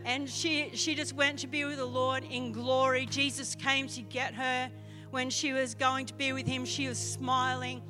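An Australian woman pastor preaching a sermon, telling a personal testimony in an animated way. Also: sits high, measured pace, over music. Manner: animated storytelling testimony, acting out quoted voices.

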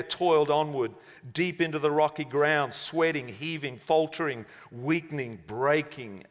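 A man's voice: on the high side, fairly bright tone. A male preacher giving a conversational sermon and reading a story aloud. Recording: long hall reverb.

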